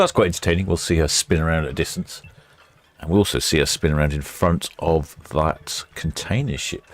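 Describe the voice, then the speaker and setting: A man hosting a live ship-watching stream, chatting casually and reading out viewer comments as ships depart port. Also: a bass voice. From England. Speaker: livestream host narrating ship departures. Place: quayside port camera station.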